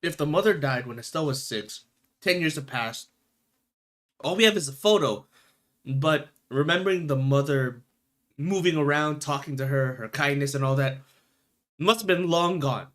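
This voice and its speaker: Bright high-voiced emotional young male streamer. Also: normal speed. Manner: emotional, stammering, swears, excitable. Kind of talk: let's play commentary.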